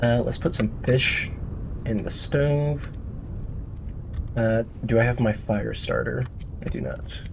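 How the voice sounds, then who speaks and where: Male streamer, mid pitch, chatty running commentary to himself, faint ambience behind. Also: fairly even intonation, takes it slowly, creaky, long pauses, noisy background. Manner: rambling, talks to himself and chat. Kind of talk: casual gameplay commentary.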